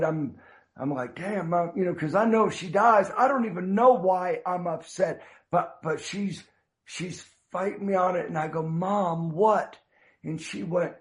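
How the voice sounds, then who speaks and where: An older man with a gravelly, creaky edge in a fairly high voice tells his recovery story. He talks earnestly and haltingly, restarting his sentences and tossing in a casual "man" as he goes. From United States. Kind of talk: heartfelt personal storytelling.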